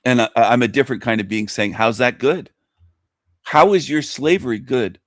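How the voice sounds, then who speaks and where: A man's voice: mid-range voice, animated, fairly quick, dry recording, studio quality. A male radio host delivering a scornful, mocking monologue to his listeners. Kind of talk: ranting monologue commentary.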